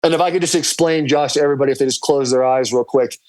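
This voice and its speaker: A man's voice: mid-range voice, fairly even intonation, rapid-fire, a little mellow. A man co-hosting a podcast over a video call, talking loosely with lots of "like" and "dude". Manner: loose and rambling, full of "like" and "dude". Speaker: podcast co-host calling in from abroad. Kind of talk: casual chat.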